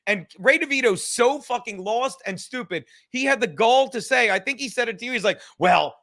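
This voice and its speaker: A man's voice: very high-pitched, pushed and bright. A man hosting a podcast, ranting heatedly with lots of swearing and rambling restarts. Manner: profane, heated, rapid rambling. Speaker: podcast host. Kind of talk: casual podcast rant.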